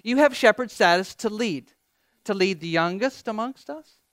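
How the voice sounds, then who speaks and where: Animated pastor preaching, crisp dry voice. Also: male voice, sits high, normal speed, no echo. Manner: animated, quotes scripture with rising emphasis, self-deprecating humor. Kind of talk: sermon.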